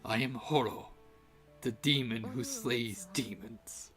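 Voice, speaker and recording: Give me a solemn soul-consuming demon slayer with a measured, resolute delivery, read by a woman. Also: a bass voice, over music. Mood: tearful farewell.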